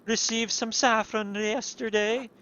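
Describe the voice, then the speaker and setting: A man voicing a kindly nun who gathers herbs, in a high, slow, sing-song voice during a game playthrough. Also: flat delivery, bright, forceful tone, lo-fi sound, slight background noise.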